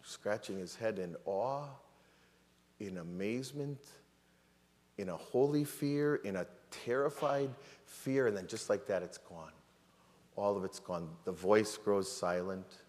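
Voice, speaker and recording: A man's voice: fairly low pitch, measured pace, a little mellow. A man preaching a sermon as pastor, retelling a story dramatically with many rhetorical questions and repeated words. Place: church sanctuary. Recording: long church reverb.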